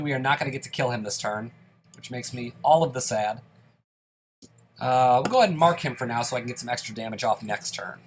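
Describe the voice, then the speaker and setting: A man's voice: medium pitch, a bit bright. A man in a mid-range voice talks through his game run, chatty and upbeat, explaining each move as he makes it. A faint hiss of noise sits under the recording. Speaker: let's play host. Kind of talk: casual gameplay commentary.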